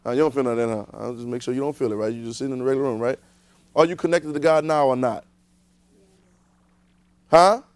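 A man's voice: mid-range voice, fast, pauses often, a little mellow, no echo. A man preaching a conversational sermon, repeating himself and throwing rhetorical questions at the congregation.

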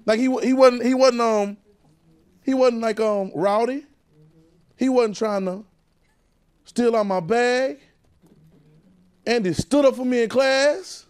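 Southern pastor preaching with playful call-and-response. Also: male voice, extremely high pitch, slow, pauses often, darkish tone, clean tone. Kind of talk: preaching a sermon. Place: church sanctuary with congregation.

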